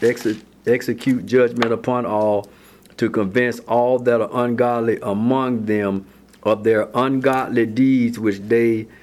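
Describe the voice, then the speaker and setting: A man leading a Bible study, who reads scripture slowly and repeats his words as he explains. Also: medium pitch.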